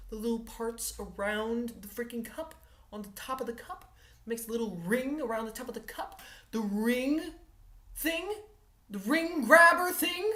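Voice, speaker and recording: A woman telling a comic personal story in an animated, exaggerated way, often checking in with her listeners and tossing in mild curses. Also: fairly high pitch. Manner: animated and exaggerated, with frequent "all right?" check-ins; mild exasperated cursing.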